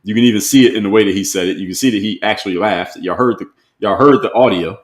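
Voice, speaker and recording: A man's voice: lowish voice, fast talker. A man hosting a live stream, reading viewer comments aloud and answering them in a conversational way, often repeating rhetorical questions. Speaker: host. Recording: roomy echo.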